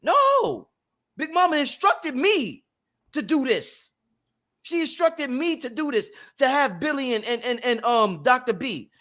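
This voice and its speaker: High-voiced emphatic preachy man. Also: very animated, unhurried, sharp tone. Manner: emphatic, preachy, profane street talk. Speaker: host. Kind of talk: motivational workshop talk.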